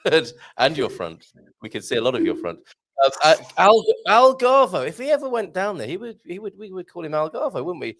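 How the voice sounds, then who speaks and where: A man's voice: high-pitched, wildly swooping pitch, normal speed, a bit bright. A man hosting a live morning show, chatting in a jokey way and laughing often. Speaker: host. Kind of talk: casual live show chat.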